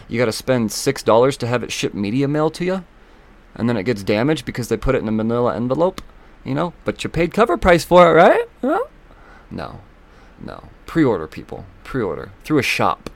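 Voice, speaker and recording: A man hosting a solo podcast, talking loosely and excitably, swearing often and filling gaps with ums and uhs. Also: medium pitch, gravelly. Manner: loose, profane and excitable, with many fillers. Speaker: podcast host. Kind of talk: casual solo podcast talk.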